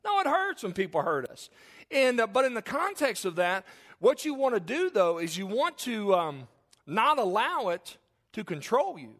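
A man's voice: sits high, very animated, moderate pace, a bit bright. A middle-aged man preaching a sermon as pastor, folksy and conversational, with joking asides and frequent restarts.

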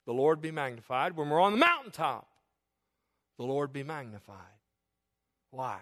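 A man preaches a sermon with a voice set a little above the usual male pitch. He moves between quiet, confiding asides and loud, rising declarations, with a chuckle slipping in here and there. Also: animated, moderate pace, pauses often. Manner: fervent, swings from soft to loud, with chuckles. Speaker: pastor.

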